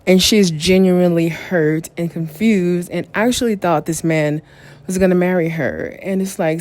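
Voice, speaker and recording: A woman's voice: lowish voice, steady tone, moderate pace, darkish tone. A woman hosting a podcast, recapping a reality show in a candid, opinionated, casual way. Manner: opinionated, candid, retells scenes in detail. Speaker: podcast host.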